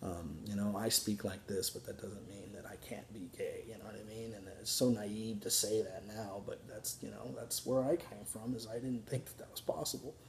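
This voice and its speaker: A young man telling a personal story to camera in an earnest, candid way, halting often with restarts and fillers. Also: fairly low pitch, fairly even intonation, vocal fry, a little hiss or hum. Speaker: vlogger telling his story.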